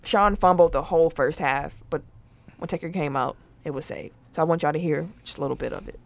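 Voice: medium pitch, brisk, vocal fry. Chatty host laughing through wrestling talk. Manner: chatty and laughing, steers the topics. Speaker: podcast host. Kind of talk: casual chat.

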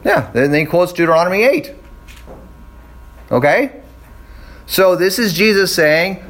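A middle-aged man casually teaching a Bible study, animated and acting out quoted voices. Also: on the high side, a little slow, low-quality recording.

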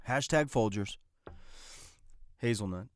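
Low-voiced man hosting a chatty podcast. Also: animated, takes it slowly, no echo. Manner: rambling, chatty, frequent fillers and restarts. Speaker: podcast host. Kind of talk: casual solo podcast talk.

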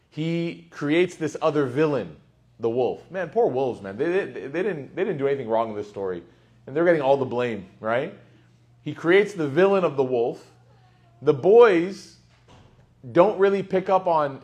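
A man giving a conversational lecture on Quranic commentary, animated and chatty with playful asides. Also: medium pitch. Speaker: Islamic teacher.

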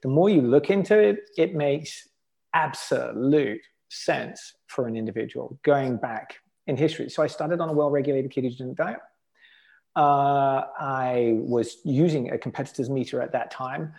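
A man's voice: mid-range voice, gravelly, dark tone. A middle-aged man from the United Kingdom, a podcast guest, telling his story casually and animatedly, with many fillers and acted-out quotes.

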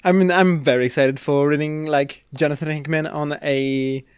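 A woman's voice: sits low, fairly even intonation, moderate pace, darkish tone, smooth, dry recording, studio quality. A woman co-hosting a podcast, chatting in an easygoing, slightly hesitant way. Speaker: podcast co-host. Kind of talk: casual podcast chat.

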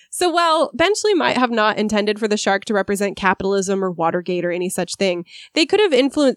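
A woman's voice: medium pitch, no room sound. Chatty woman podcaster, dry close mic. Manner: chatty and analytical, many ums and likes. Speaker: podcast co-host. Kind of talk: casual film discussion podcast.

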